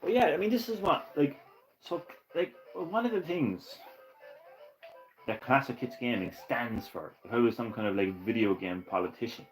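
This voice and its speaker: A man streaming retro games live, ranting and swearing with bursts of excitement and laughter. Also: mid-range voice, normal speed, faint music behind, poor audio. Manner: ranting, profane, excitable, laughs at own jokes. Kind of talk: casual live-stream chat.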